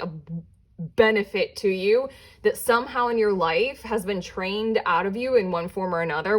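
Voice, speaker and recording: A woman giving a casual pick-a-card tarot reading, talking in a loose, rambling way full of "like" fillers and restarts. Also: mid-range voice. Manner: chatty and rambling, with many "like" fillers and self-interruptions; breaks into quick giggles and playful put-on voices. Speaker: tarot reader.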